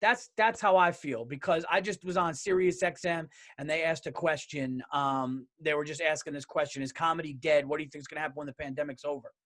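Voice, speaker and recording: A man's voice: fairly high pitch, fairly even intonation, a little fast, few pauses, fairly bright tone. Fired-up profane podcast host man. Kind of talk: solo podcast rant.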